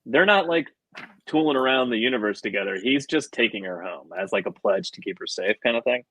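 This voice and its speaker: A man's voice: medium pitch, a little fast, husky, poor audio. A man co-hosting a comic book podcast, chatting casually, laughing often and acting out lines from the story. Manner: animated, laughs often, acts out quotes. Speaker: podcast co-host.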